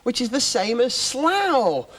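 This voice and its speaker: A man's voice: extremely high pitch, sing-song, slow, a bit bright. A Welsh man co-presenting a children's TV show, patiently teaching and encouraging his co-host.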